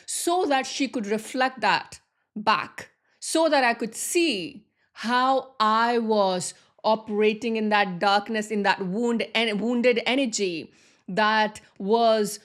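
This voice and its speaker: A woman's voice: a little high, takes it slowly, a bit bright. A woman giving a motivational talk as a manifestation coach, earnest and repeating key phrases for emphasis.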